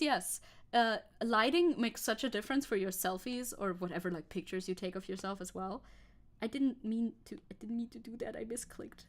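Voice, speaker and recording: A woman chatting casually and playfully while she paints on a live stream. She rambles and jokes at her own expense. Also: fairly high pitch. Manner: playful, rambling, self-joking.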